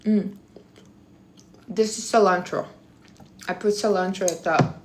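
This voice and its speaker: A woman's voice: mid-range voice, steady tone, a little slow, background noise. A woman hosting a casual live stream, giving blunt, teasing advice in non-native English phrasing. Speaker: livestream host.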